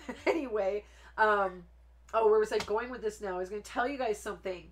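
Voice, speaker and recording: A woman talks her viewers through a card making live stream. She rambles from topic to topic in a loose, chatty way and breaks into laughter often. Her voice sits at an ordinary middle pitch for a woman. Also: fast. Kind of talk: casual live stream chat while crafting.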